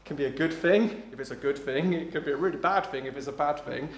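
A man preaching a sermon in an emphatic way, slowing down on key phrases and dropping low and quiet when he quotes. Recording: roomy echo.

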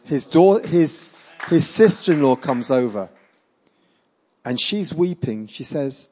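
A middle-aged man preaching, telling healing stories with lively acted-out quotes. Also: mid-range voice, a little slow, slightly rough. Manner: animated storyteller acting out quoted voices. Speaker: evangelist preacher. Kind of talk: sermon storytelling.

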